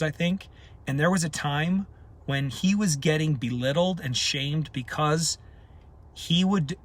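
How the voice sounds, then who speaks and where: A man's voice: on the high side, a bit bright. A man leading a community, talking in an unscripted live video, emphatic and passionate, hammering points home by repeating them. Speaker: community leader.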